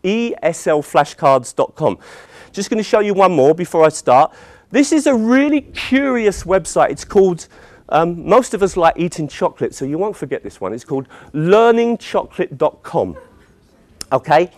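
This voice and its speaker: A man's voice: high voice, very animated, normal speed, a little mellow, no echo. A British man, a teacher trainer, giving an enthusiastic conference presentation as he shows websites on screen. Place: conference room.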